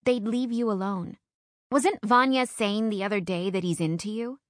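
A woman reading an audiobook and voicing an outspoken, protective young hairdresser friend, a bit higher and louder than her narration. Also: moderate pace, dry recording, studio quality, natural voice. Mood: teasing. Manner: brash, excitable, protective.

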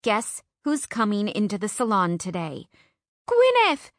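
A woman reading an audiobook and voicing an outspoken, protective young hairdresser friend, a bit higher and louder than her narration. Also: moderate pace, no room sound, studio quality, natural voice. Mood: excited. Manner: brash, excitable, protective.

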